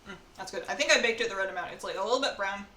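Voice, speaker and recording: A woman's voice: medium pitch, rapid-fire. A woman streamer chatting casually while she bakes at home, rambling from one aside to the next. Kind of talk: casual live-stream chat while baking. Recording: roomy echo, faint background noise.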